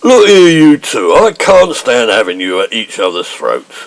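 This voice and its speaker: A laddish, cheeky wide boy, played by a man with a gravelly, fry-edged voice. His pitch leaps up and down dramatically as he delivers his wisecracks. It is broad comic radio pastiche. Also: huge pitch swings, measured pace. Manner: cheeky, innuendo-laden, gravelly. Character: laddish, cheeky Londoner, dirty-laughing.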